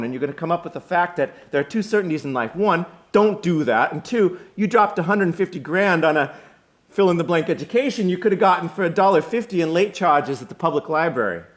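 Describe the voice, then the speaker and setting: A man voicing a sharp, cocky young working-class genius with a Brooklyn accent, firing off cutting put-downs. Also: on the high side, animated, fast talker, hardly any pauses, pitched above the performer's own voice, lightly acted.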